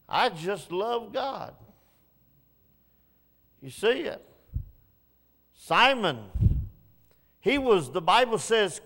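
Preacher, male, high voice, slow deliberate sermon delivery, long hall reverb. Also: gravelly. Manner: swings from low hushed passages to raised pleading lines.

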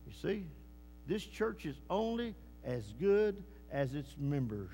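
A man preaching a sermon and telling a moving story, swinging between loud bursts and hushed lines. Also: on the high side, sing-song, slow pace, faint music behind. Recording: long echoing church hall reverb.

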